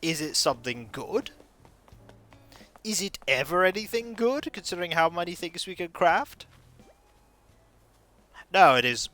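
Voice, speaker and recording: A man's voice: a little high, bright, forceful tone. A man streaming a video game, rambling through jokey, self-mocking asides. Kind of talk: casual gaming stream commentary.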